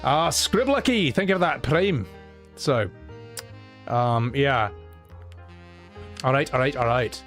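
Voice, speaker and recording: A man's voice: mid-range voice, animated, slow, pauses often, a bit bright, soft background music. A young man chatting casually on a live stream, rambling, swearing and laughing often.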